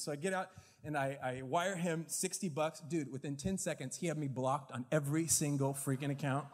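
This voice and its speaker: High-voiced man preaching in a reverberant hall. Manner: animated storytelling, lively, quick bursts. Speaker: pastor. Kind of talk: sermon. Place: church hall.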